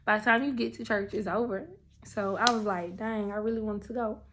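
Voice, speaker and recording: A young woman telling her faith testimony in a casual, animated, emotional way, talking straight to her listeners. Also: mid-range voice, a little fast, noisy background. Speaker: person sharing a faith testimony. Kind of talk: casual storytelling.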